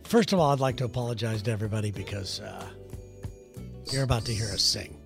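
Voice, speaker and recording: A man's voice: on the low side, fast talker, vocal fry, over music. A man co-hosting a podcast in loose, joking chat, rambling and swearing freely. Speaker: podcast co-host. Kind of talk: casual podcast banter.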